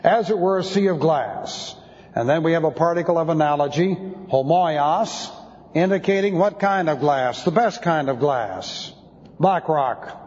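A man's voice: a little high, lively intonation, moderate pace, darkish tone. A man teaching an expository sermon, spelling out Greek words letter by letter. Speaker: Bible teacher. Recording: dull lo-fi sound with long hall reverb.

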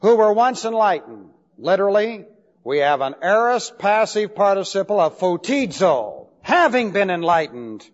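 In a classroom lecture, a man teaches Bible Greek grammar, emphatically repeating points and spelling out key words. His high voice is very animated and moves at a moderate pace. The recording is dull and lo-fi, with a long hall reverb.

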